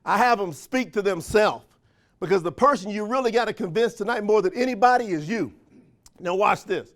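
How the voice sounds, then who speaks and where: A man's voice: high voice, lively intonation, fairly quick. A man giving a live motivational speech at a sales training, full of rhetorical questions and folksy call-and-response. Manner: folksy, countrified phrasing. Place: event room.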